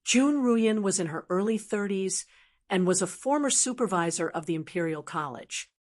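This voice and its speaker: A woman narrating a martial arts novel audiobook in a steady, even storytelling manner. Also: medium pitch, normal speed. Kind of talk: scripted narration.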